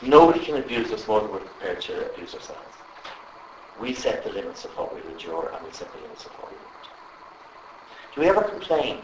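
A man leading a live workshop, animated and constantly asking the group questions. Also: lowish voice, a little fast, recorded from a distance, background noise. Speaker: trainer. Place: training room with live audience. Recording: echoey room with faint ambience.

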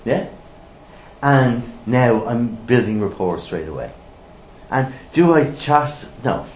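A middle-aged man teaching a training course, blunt and lively, firing rhetorical questions at the room. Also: medium pitch, slow. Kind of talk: classroom teaching. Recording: roomy echo, faint background noise.

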